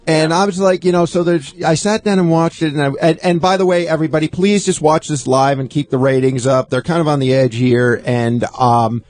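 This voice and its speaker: A man hosting a radio talk show from a studio, excited and rambling with many fillers. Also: on the high side. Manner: enthusiastic, rambling, lots of fillers. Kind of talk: casual radio chat. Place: radio studio in New York.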